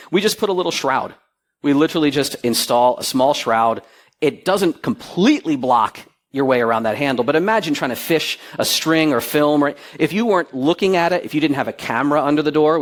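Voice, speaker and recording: A middle-aged man speaking on stage to a conference audience, his voice sitting a touch high and swinging widely up and down. He tells stories with relish and acts out the quoted voices in them. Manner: animated storyteller, acts out quoted dialogue. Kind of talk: lively conference talk.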